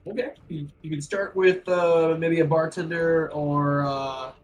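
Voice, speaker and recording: A man narrating as game master of a tabletop game in a relaxed way, with many fillers. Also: on the high side, unhurried, low-quality recording.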